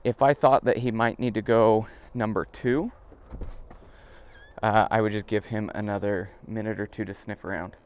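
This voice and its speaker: A middle-aged man, a dog trainer, explaining step by step how to train a dog, now and then praising the dog in a higher voice. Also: steady tone, moderate pace, smooth. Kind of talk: instructional demonstration. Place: indoors at a home, moving outside. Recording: reverberant room sound.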